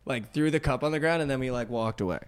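A young man co-hosting a podcast, telling a story in casual chat, animated and full of "like" and "dude". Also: mid-range voice, quick pace, smooth. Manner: animated, heavy use of "like" and "dude", acts out quotes. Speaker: podcast co-host.

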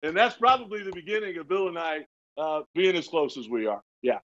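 Man in his sixties telling lively stories. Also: on the high side, a little fast, slight background noise. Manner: lively anecdotes, laughs often, stammers on restarts. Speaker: retired pitcher, guest. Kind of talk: storytelling in casual interview. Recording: dull lo-fi sound.

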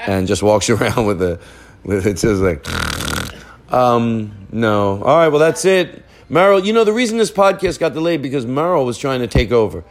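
A man's voice: mid-range voice, lively intonation, normal speed, long pauses. Rambling man hosting a podcast. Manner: rambling, joking storyteller, wanders off-track. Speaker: podcast host. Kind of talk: casual chat. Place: living room of a family house.

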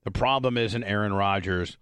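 A man hosting a podcast in loose, rambling chat. He talks loud and swears freely, at a middle pitch. The sound is dry and close. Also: normal speed, clean tone, no echo. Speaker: host. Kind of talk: casual chat. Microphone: studio mic.

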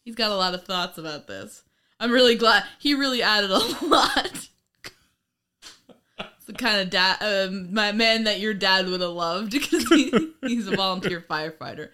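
A woman co-hosting a casual podcast recap, animated and laughing, often swearing and acting out lines from the episode. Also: medium pitch, moderate pace, clean tone. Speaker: podcast co-host.

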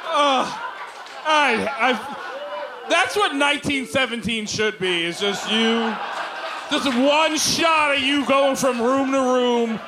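A man on a comedy podcast, swearing often and shouting crude jokes in casual chat. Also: very high voice, slow pace, background noise.

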